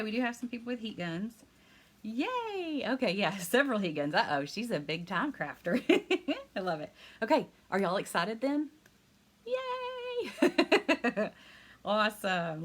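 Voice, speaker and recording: A woman teaching a live hand-lettering class online. She talks fast and excitedly, chatty and encouraging, and laughs often. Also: mid-range voice, breathy edge. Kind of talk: live online craft lesson.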